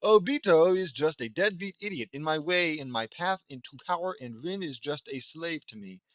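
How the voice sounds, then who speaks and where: A man's voice: fairly high pitch, animated, moderate pace, a bit bright, no echo. A man voicing a treacherous, power-hungry young male ninja with maniacal laughter, reading a fan story aloud. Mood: gloating.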